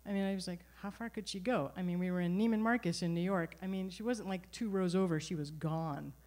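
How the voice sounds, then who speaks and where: A middle-aged woman telling a personal story at a live storytelling event, conversational and animated, with frequent restarts. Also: fairly low pitch, quick pace. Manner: conversational, animated, self-correcting.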